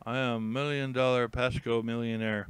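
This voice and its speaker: A man's voice: mid-range voice, little pitch movement, normal speed, smooth, low-quality recording. A man hosting a casual live stream, rambling and thinking aloud with many fillers and restarts while he browses listings. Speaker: YouTube host.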